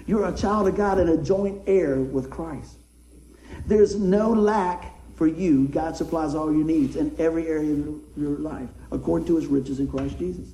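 A man's voice: on the high side, moderate pace, dark tone, roomy sound, a little hiss or hum, low-quality recording. A man preaching a sermon in a folksy, conversational way, often asking his listeners questions.

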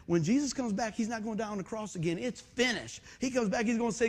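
A man preaching a sermon as pastor, energetic, with loud bursts and quiet asides. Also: sits high, fast.

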